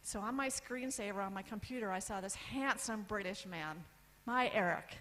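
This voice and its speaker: A woman's voice: medium pitch, bright, forceful tone, low-quality recording. Candid woman telling her own story. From United States. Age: 50s. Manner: candid, lists items with pauses for effect. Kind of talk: personal story talk on stage. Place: event stage.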